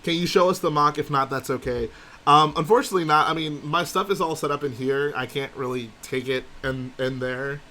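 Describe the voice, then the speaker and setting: A man's voice: fairly high pitch, a little fast, sharp tone. Chatty man hosting a live stream. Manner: chatty, reads viewer comments aloud and answers them. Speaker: livestream host. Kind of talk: casual live-stream chat.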